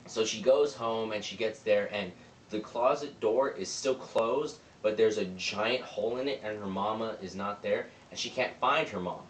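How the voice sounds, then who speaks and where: Recapping a movie at a moderate pace, a young film reviewer with a lowish voice rambles through the story and quotes characters' lines along the way. He's positioned well away from the mic in a roomy space, with faint ambient hum in the background.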